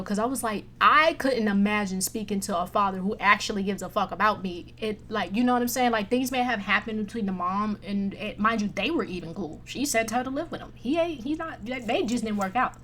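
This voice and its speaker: A woman reviewing movies in a casual chat, blunt, profane and animated as she rants. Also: mid-range voice, brisk.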